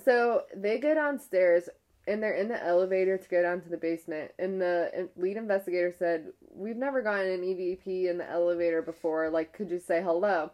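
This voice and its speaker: A woman's voice: lowish voice, fairly quick, lo-fi sound. A young woman casually retelling a ghost-hunting episode. She uses "like" constantly and often restarts her sentences. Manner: rambling, heavy use of "like", frequent restarts; retells a ghost-hunt episode with a hushed, animated tone. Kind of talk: casual storytelling.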